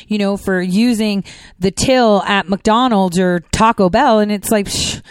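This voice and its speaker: A woman hosting a political commentary show, talking fast in a chatty, rambling monologue full of fillers. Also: mid-range voice, smooth, dry recording. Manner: talks fast. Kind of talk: casual monologue.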